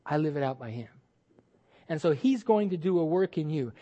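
High-pitched guy preaching a sermon, emphatic, stumbles and repeats words. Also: expressive, moderate pace, mellow, muffled recording. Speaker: pastor.

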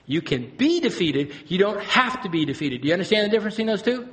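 Male pastor, high voice, animated sermon delivery, dips to quiet intensity then climbs to loud emphasis. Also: fast talker. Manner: animated preaching, swings from hushed to loud and high.

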